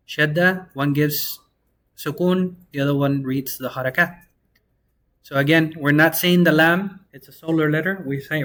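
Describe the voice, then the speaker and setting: A young man teaching an Arabic class in a casual, slangy way, slowing down to sound out each word. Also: fairly high pitch. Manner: relaxed, slangy, slows down to sound out words.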